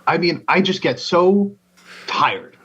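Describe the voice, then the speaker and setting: A man's voice: on the high side, sing-song, slow, a bit bright, husky, highs cut off. A man co-hosting a casual music podcast, rambling and joking at his own expense with frequent laughs. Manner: self-deprecating, rambling, laughs often. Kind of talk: casual chat.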